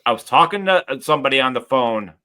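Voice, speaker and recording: Talk show host guy, bright edgy voice, keeps restarting his sentences. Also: mid-range voice, animated, fast, clean tone. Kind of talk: casual chat.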